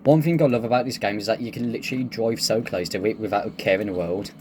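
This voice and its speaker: A man's voice: lowish voice, quick pace, a little mellow, slight background noise. A man giving casual, joking gameplay commentary, laid-back and swearing freely. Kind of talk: casual let's-play commentary.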